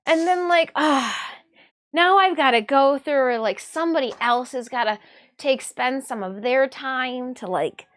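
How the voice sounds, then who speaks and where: A woman's voice: high voice, a little slow, fairly bright tone. A young adult woman from Michigan, hosting her own livestream in casual, rambling chat, restarting her sentences and laughing often. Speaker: livestreaming artist and host.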